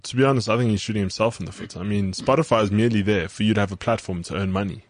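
A South African man co-hosting a podcast, talking in quick, emphatic casual chat. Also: lowish voice. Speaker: podcast co-host.

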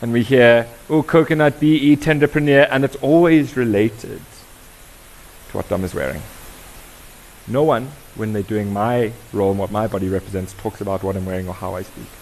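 Workshop facilitator, South African man, conversational and engaging, lower pitch, slight hiss. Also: normal speed, rough recording. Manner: lively, conversational, quizzing the audience. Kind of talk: interactive talk to an audience.

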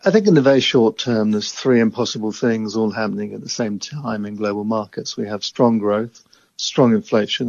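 A man who invests in emerging market equities, answering interview questions in a measured, analytical way. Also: lowish voice, gravelly, a little mellow, no room sound, muffled recording.

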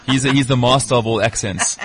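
A man's voice: medium pitch, steady tone, quick pace. A man, a band member guest on a radio show, talking loosely and laughing at himself. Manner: rambling, self-conscious laughing. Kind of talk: casual radio interview.

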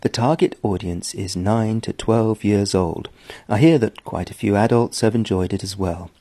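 A man's voice: on the low side, moderate pace, dark tone, dry recording. A man who writes stories, giving a scripted announcement in a friendly, plain-spoken way. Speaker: story writer.

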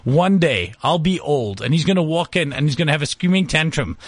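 A man's voice: on the high side, animated, brisk, no echo. Brief: middle-aged man, blunt opinionated co-host, dry close mic. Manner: blunt, ranting, acts out quotes. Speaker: podcast co-host. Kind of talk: casual chat.

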